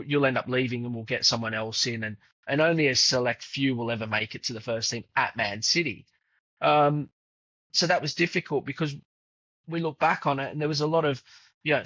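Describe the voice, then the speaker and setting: A man in his fifties, a footballer's father appearing as a podcast guest, tells stories in a chatty, casual way, full of fillers and acting out quoted dialogue. His voice is medium-pitched, bright and forceful, captured in a dull, dry, lo-fi recording.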